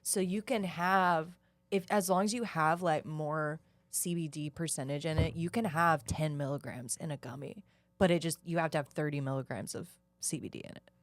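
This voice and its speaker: A woman's voice: deep voice, steady tone, normal speed, no echo. A woman co-hosting a podcast, chatting casually in a loose, rambling way and often hedging. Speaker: podcast co-host. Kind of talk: casual chat.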